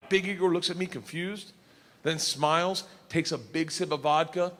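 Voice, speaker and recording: Loud, excitable stand-up comedian. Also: male voice, fairly high pitch, normal speed. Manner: loud, excitable, swearing, builds to shouts. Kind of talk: stand-up storytelling. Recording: roomy stage with audience noise.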